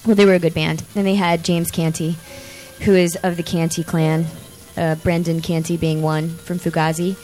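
A woman in her thirties hosting a casual chat show, rambling and excitable with lots of fillers. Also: on the low side, normal speed, soft background music. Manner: excitable, animated outbursts. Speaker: podcast host.

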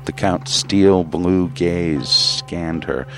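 A man reading a literary story aloud in a measured, grave way with drawn-out pauses. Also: sits low, a bit bright, soft background music. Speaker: narrator.

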